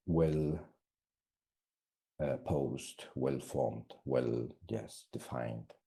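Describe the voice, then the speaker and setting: A man's voice: rumbling low, gravelly, warm tone. A man giving a classroom lecture in English, which is not his first language, talking hesitantly with many fillers and restarts.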